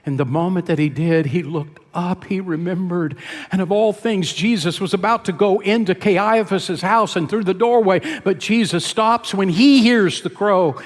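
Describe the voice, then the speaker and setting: A man's voice: high-pitched, normal speed, long reverb tail. A man preaching a sermon as pastor, retelling a scripture story in an earnest storytelling manner. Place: church sanctuary.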